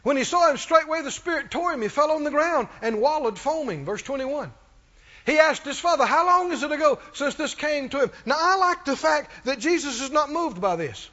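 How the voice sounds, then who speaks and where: A man's voice: extremely high pitch, expressive, a little fast, pushed and bright. A man preaching a sermon with emphatic delivery, reading scripture and acting out quoted voices. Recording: muffled hall recording.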